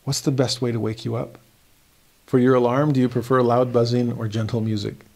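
A man with a gravelly, fry-edged voice at a middle pitch, teaching scripture in a devotional lesson. He reads verses slowly and earnestly, pressing upward in emphasis on key phrases. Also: flat delivery, a little mellow. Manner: slow, earnest reading of verses with emphatic rises.

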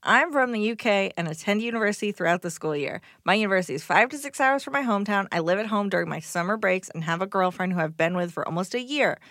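A woman's voice: mid-range voice, lively intonation, fast, few pauses, a bit bright, dry recording, studio quality. A woman from the United States co-hosting a podcast, reading a listener's letter aloud in an easygoing, plain way. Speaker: podcast co-host.

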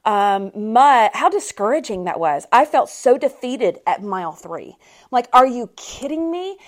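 Chatty woman podcast host. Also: fairly high pitch. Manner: chatty and animated, with frequent laughs. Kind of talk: casual storytelling monologue.

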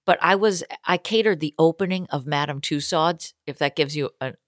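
A woman comedian co-hosting a podcast, chatting casually, animated and quick to laugh. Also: low voice, no room sound, studio quality. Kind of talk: casual chat.

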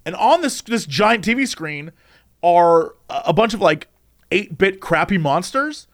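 A man in casual conversation, recounting a strange recurring dream with lively delivery and frequent laughs. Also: high-pitched, a little slow. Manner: animated, acts out quoted voices, laughs often. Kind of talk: casual storytelling chat.

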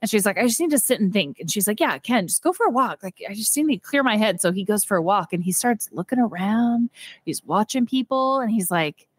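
A woman's voice: medium pitch, a little fast, breathy edge, dry recording. Chatty woman recapping a film, dry sound. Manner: animated retelling with quoted character voices and frequent laughter. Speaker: podcast co-host. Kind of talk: casual movie recap chat.

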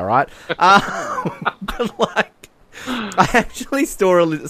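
A man's voice: a little high, fairly bright tone. A man co-hosting a casual film commentary chat, joking and laughing often as he mocks scenes. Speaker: podcast co-host.

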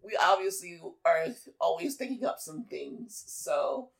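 A sassy, playful woman co-hosting a casual podcast. Her voice swings widely and carries a gravelly fry. She laughs easily and keeps the chat moving. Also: on the low side, animated, a little slow. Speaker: podcast co-host.

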